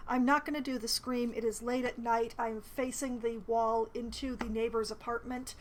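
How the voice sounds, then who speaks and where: A woman's voice: fairly high pitch, steady tone, normal speed, poor audio. A woman casually commentating her playthrough of a fantasy role-playing game at home, chatting and reading dialogue aloud. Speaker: game streamer. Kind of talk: casual let's-play commentary. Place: apartment at home.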